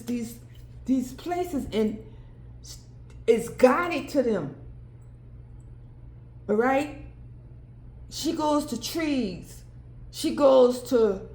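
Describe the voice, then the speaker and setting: A woman's voice: high-pitched, darkish tone, roomy sound. A woman giving a solo tarot card reading, thinking aloud and breaking into exclamations and laughter. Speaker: tarot reader.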